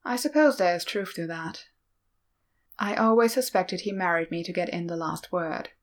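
A woman's voice: lowish voice, moderate pace, close to an everyday voice. A woman reading a talkative, teasing blind older male monk with a wry manner. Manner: playful and wry. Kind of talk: audiobook-style fan fiction reading.

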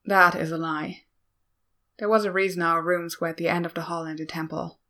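A woman reading a gruff, steady older male warrior, blunt and dry. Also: lowish voice, fairly quick. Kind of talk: audiobook-style fan fiction reading.

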